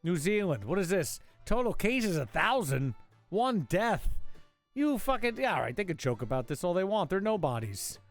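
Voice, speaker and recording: A male talk show host mocks the day's headlines in a casual, profane, sarcastic riff. His pitch swings up and down as he talks. The mic is close and dry, with faint music playing underneath. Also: big pitch swings, normal speed, dry recording. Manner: sarcastic, profane, mocking asides. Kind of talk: casual comedic news riff.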